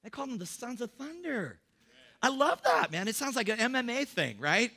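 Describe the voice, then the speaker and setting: A pastor preaching a sermon in a church, talking casually and humorously to the congregation. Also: male voice, extremely high pitch, very animated, pushed and bright. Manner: humorous, conversational preaching, acts out Bible characters in quick voices.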